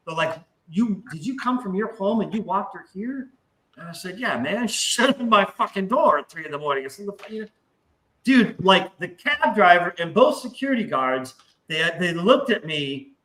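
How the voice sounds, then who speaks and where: A man telling a long anecdote in casual podcast talk, profane and animated, acting out the voices in his story. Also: on the high side, rough recording.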